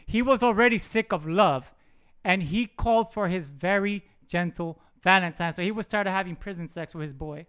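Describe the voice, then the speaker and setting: A man's voice: sits high, normal speed, a bit bright, clean tone. A man hosting a podcast in casual chat, joking and stumbling over words as he reads aloud. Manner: jokey, stumbles over words while reading. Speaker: podcast host.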